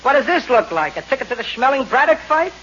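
A man voicing a dim-witted, lazy male stick-up man with a slow, self-pitying drawl, in 1930s radio comedy acting. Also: extremely high pitch, very animated, fairly bright tone, a little hiss or hum, heavily acted. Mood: aggrieved. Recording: lo-fi old radio recording.

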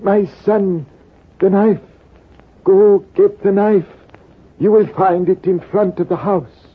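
A wounded old stranger, as a man puts him on in a 1940s radio play, husky and raised high. His pleas are solemn and fatherly. The sound is thin and tinny, like an old radio broadcast. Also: fairly even intonation, slow, exaggerated voice. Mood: pleading.

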